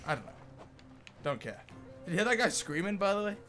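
A young man giving excitable gameplay commentary, yelling at enemies and laughing as he plays. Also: high-pitched, a little fast, soft background music. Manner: excitable, swears mildly, often laughs and yells at enemies. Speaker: gaming YouTuber.

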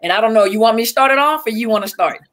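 A woman with a Southern US accent, a coach, hosts a casual livestream, greeting viewers by name and using lots of fillers. Her voice is a little high and a bit bright, and she races along.

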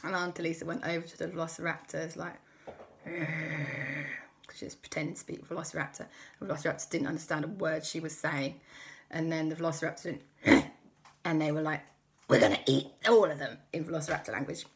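A woman's voice: deep voice, fairly quick, gravelly, slight background noise. A woman host telling a playful, improvised children's story. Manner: playful, lively, many character voices.

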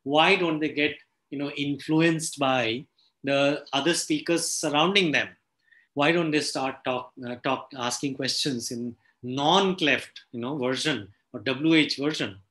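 A middle-aged man giving an academic linguistics lecture, halting speech with frequent fillers and restarts. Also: medium pitch, a bit bright. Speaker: linguistics professor giving a talk.

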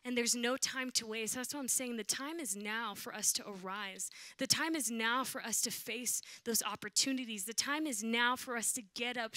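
A woman's voice: fairly high pitch, sharp tone, no echo. A young woman preaching a casual, emotional sermon at a church service, with a slangy, conversational style.

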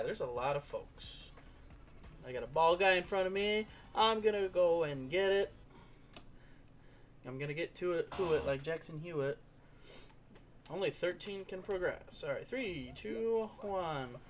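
A man's voice: fairly high pitch, animated, measured pace. A young man giving playful, casual commentary over a game he is playing, singing along and slipping into goofy voices. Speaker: gaming streamer.

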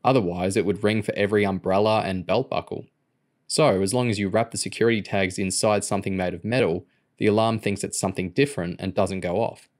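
A confident, scheming teenage boy who lays out his plan with easy assurance, voiced by a man reading an audiobook. The voice sits low and steady, close to the reader's own. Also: a little fast, natural voice. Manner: confident, explaining.

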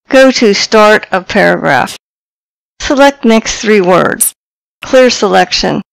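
Slow, gravelly woman dictating commands. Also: mid-range voice, no room sound, rough recording. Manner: clipped, deliberate command dictation. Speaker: tutorial presenter. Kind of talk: dictating voice commands in a software tutorial. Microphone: headset microphone.

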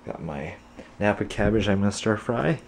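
A man's voice: fairly low pitch, animated, gravelly, background noise. A young man in his twenties filming a casual daily vlog at home, chatty and laughing often as he talks to his camera. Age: 20s. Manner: chatty, laughs often, asks quick questions. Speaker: vlogger. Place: home kitchen, indoors.

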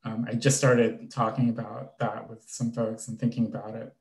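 A man's voice: mid-range voice, level tone, moderate pace, vocal fry, a little mellow. A man in a staff meeting over a video call, tentatively thinking aloud. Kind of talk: online staff meeting discussion. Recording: roomy echo.

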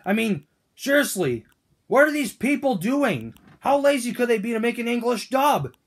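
A man's voice: extremely high pitch, sing-song, moderate pace, husky, heavily acted. A man voicing Toad as a grumpy, whiny male figure in a fan-made cartoon, ranting with indignant questions.

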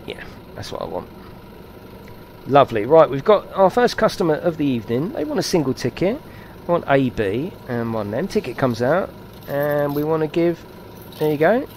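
A man giving excitable, chatty live commentary while streaming a game and talking to his viewers. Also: a little high, moderate pace, slight background noise.

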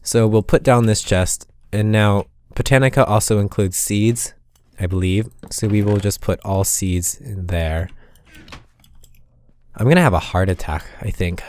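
A man's voice: fairly low pitch, unhurried, a little mellow, slight background noise. A man giving casual commentary over his own gameplay, muttering asides to himself and breaking into sudden exasperated outbursts. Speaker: gaming channel host.

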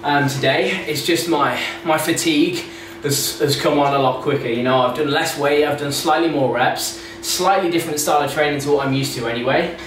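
A young fitness vlogger chats casually between sets in his home garage gym, rambling and often correcting himself. His voice sits on the high side, brisk with few pauses. The garage echoes and the background noise is loud.

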